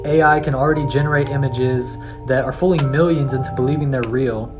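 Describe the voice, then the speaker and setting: An earnest man narrates in a mid-range voice, speaking with the steady seriousness of a warning. A clear music bed runs underneath the whole time. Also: mid-range voice, brisk. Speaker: video creator. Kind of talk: scripted narration.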